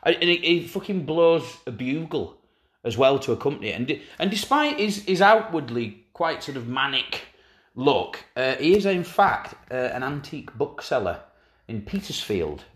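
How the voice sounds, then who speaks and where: A man in a relaxed banter show, spinning crude, wry anecdotes at an easy middle pitch. He talks loosely and digresses freely. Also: moderate pace. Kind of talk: casual banter.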